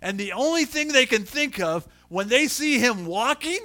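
High, bright-voiced preacher telling a story. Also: male voice, moderate pace. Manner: animated, acts out voices in his stories. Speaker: pastor. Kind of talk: storytelling sermon.

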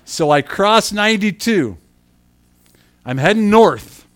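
A man, a middle-aged pastor, telling a personal story in his sermon, dropping to hushed asides and then building to loud, emphatic bursts, chuckling at himself along the way. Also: sits high, expressive, slow. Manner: self-deprecating, chuckles through his story.

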